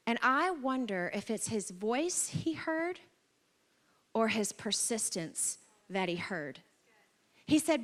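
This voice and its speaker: A woman pastor preaching a sermon in a church, telling stories in an animated way with humorous, exaggerated asides. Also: on the high side, slow pace, long pauses. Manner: animated storytelling with acted-out quotes.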